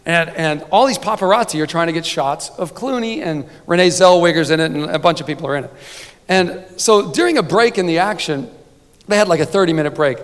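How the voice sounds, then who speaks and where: A man's voice: high-pitched, fairly bright tone, a little hiss or hum. A man giving a humorous award speech as a sportswriter, telling a rambling comic story full of "right?" asides at a banquet podium. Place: banquet hall. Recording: long banquet-hall reverb.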